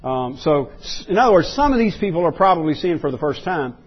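Guy preaching, kinda high husky voice, keeps restarting and repeating words, dull lo-fi sound. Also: big pitch swings, quick pace. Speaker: pastor. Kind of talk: sermon.

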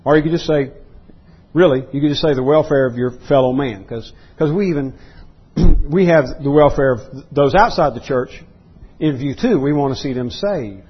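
A man preaching an expository sermon as pastor, emphatic, often clearing his throat and repeating words. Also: fairly high pitch, normal speed, highs cut off. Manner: emphatic preaching that rises into voiced outbursts.

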